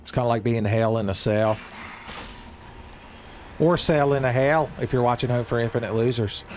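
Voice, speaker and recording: A man giving casual, jokey let's-play commentary, rambling and breaking into excitable outbursts. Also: medium pitch, moderate pace, soft background music. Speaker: gaming streamer.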